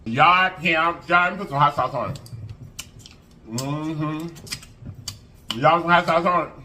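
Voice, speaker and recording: A man's voice: on the high side, slow pace, a little hiss or hum. A man hosting an eating show, chatting casually to viewers and humming as he eats. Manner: animated, sing-song hype, lots of humming while eating. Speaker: mukbang host.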